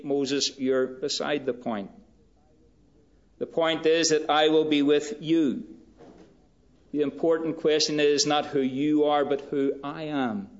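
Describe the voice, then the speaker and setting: Slow, measured male preacher, lo-fi. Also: mid-range voice. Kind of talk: sermon. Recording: dull lo-fi recording.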